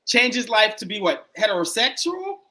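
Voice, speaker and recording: Male dating-show host, high bright voice, chatty, echoes answers back. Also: very animated. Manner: chatty, quick reactions, repeats answers back. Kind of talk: live-streamed dating interview.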